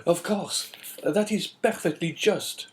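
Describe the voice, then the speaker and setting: Brief: man doing a fretful, pleading middle-aged inspector in a storybook reading, raised, swooping pitch. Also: lively intonation, moderate pace, darkish tone, lightly acted. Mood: eager. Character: anxious middle-aged male prison inspector, eager.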